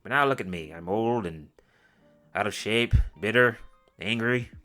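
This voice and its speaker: A bitter, jealous middle-aged woman pours out self-pity about her lost youth, as a man mocks her. The voice stays low and deep, pushed loud, with a sneer under it. Soft music plays behind. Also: unhurried. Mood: mocking. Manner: mocking, self-pitying.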